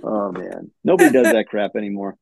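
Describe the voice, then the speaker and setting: A man, a military veteran, telling profane, animated stories about his old unit in casual chat over a dull, lo-fi call. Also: lowish voice, brisk, vocal fry, no echo. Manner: animated, profane, laughing storyteller. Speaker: veteran guest. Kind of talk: casual storytelling.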